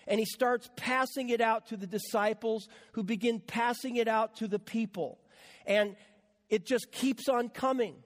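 A man's voice: sits high, long reverb tail. A man preaching a conversational sermon as a pastor, with repeated words and casual asides to the congregation.

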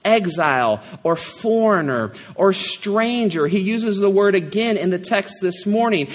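A man preaching a casual, animated sermon with a fairly high voice. He talks like he's chatting with the congregation and keeps tossing in rhetorical questions. The sound carries a long reverb from a church hall. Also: measured pace. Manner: conversational, animated, frequent rhetorical "right?".

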